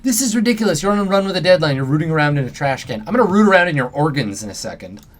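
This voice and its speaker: A man's voice: on the high side, sing-song, very fast. A man voicing an impatient, exasperated male fixer with a sarcastic manner. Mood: irritated. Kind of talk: reading game dialogue aloud.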